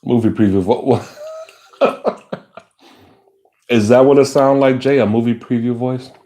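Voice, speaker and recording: A man hosting a live stream, chatting casually and answering viewer comments as he eats, sometimes dropping to a low hushed voice. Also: fairly even intonation, unhurried. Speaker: livestream host. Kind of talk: live chat while eating and chewing.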